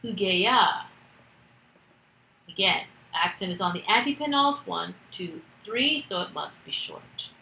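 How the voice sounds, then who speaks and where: A woman walks through a grammar lesson at an unhurried pace, patient and methodical, pausing on fillers as she goes. Her voice is bright with a gravelly edge. The room around her rings with echo. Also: medium pitch, lively intonation, slight background noise. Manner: patient, step-by-step explaining with fillers. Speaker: Greek teacher.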